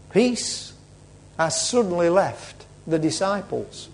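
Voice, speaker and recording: A male preacher retelling a story in a sermon, dramatic, swinging between loud and hushed. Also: high voice, expressive, slow pace.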